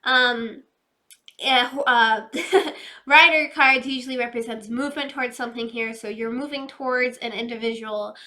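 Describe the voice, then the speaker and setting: A woman doing a casual, chatty tarot reading, fast-talking and loose, addressing her viewers directly. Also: fairly high pitch, sharp tone. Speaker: tarot reader.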